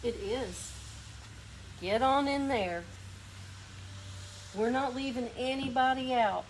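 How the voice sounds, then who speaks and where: A woman's voice: high voice, takes it slowly, a little hiss or hum, rough recording. A woman with a lazy Southern drawl hosting a painting demo in a workshop, chatting and coaching a helper as she works. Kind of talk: hands-on demonstration.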